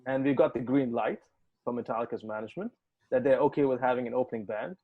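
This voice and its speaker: He's a fast talker with a mid-range voice, heard through phone-quality sound. The man, a musician guest from the United Arab Emirates, recounts a story in a casual interview, animated and profane, acting out each quoted line.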